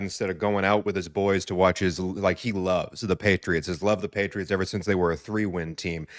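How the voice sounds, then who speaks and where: A man's voice: lowish voice, no echo, studio quality. A man in his thirties from the US East Coast, a guest in casual podcast banter who rambles and tells stories about himself. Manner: rambling, self-deprecating, storytelling.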